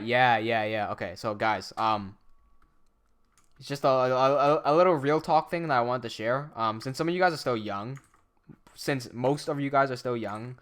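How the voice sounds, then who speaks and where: A man's voice: mid-range voice, a bit bright. A young man animator chatting casually on a livestream; he reads the chat aloud, laughs often and swears a lot. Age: young adult.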